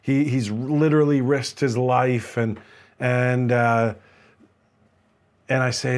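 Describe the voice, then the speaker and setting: Earnest guy pastor giving a sermon, stumbles and repeats words a lot, mid-pitched voice. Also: little pitch movement, slow pace, pauses often. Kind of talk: sermon with personal story.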